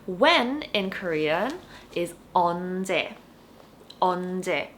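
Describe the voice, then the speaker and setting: A woman giving a casual online Korean lesson, chatting in English and saying each Korean example slowly and clearly, then repeating it. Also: on the low side, big pitch swings, a bit bright, a little hiss or hum. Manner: chatty, explains with "like" and "you know". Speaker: Korean language teacher.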